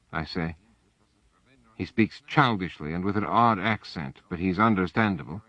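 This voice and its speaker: A man narrating an audiobook in the first person with measured, even storytelling. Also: deep voice, no echo. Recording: dull, dry audiobook recording.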